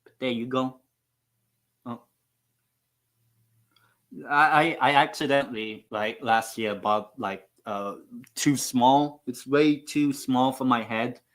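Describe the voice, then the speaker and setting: A man's voice: mid-range voice, slow pace, pauses often, fairly bright tone. A man hosting a live football watchalong stream, chatting casually in a rambling, profane, self-mocking way.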